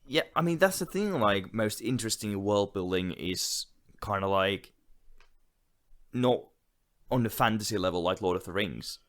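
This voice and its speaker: Low-voiced man, agreeable podcast co-host. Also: animated, moderate pace, a bit bright. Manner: agreeable, reflective, often agrees with short backchannels. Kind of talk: casual film discussion.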